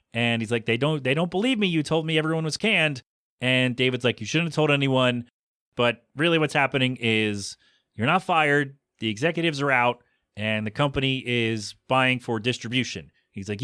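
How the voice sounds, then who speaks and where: A man hosting a podcast, casually recapping a TV episode and acting out the characters' lines with animated swings in his voice. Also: mid-range voice, dry recording, clean studio sound. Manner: animated, acts out characters' quotes. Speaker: podcast host.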